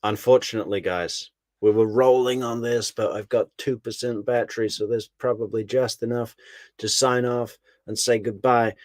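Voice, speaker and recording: A man's voice: mid-range voice, steady tone, moderate pace, no room sound. A man hosting a casual true crime live stream, chatty and laughing as he thanks viewers by name. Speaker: true crime commentary host.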